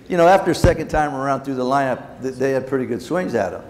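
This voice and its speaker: A man's voice: mid-range voice, fairly quick, a little mellow. Older man telling blunt stories. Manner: blunt, acts out quoted dialogue. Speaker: former baseball manager, keynote guest. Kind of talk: anecdotal storytelling in a Q&A. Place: large banquet hall. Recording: long reverb in a large hall, faint room noise.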